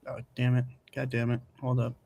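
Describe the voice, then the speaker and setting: A man's voice: medium pitch, completely flat delivery, fairly quick, creaky, dark tone, highs cut off, slight background noise. A man co-hosting a casual podcast and running the soundboard, loose and joking, swearing casually. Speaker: podcast co-host, runs the soundboard.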